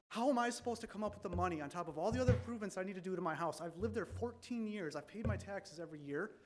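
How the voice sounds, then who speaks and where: A man making a frustrated public comment at a city meeting, pressing pointed questions. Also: sits high. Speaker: resident speaking at public hearing.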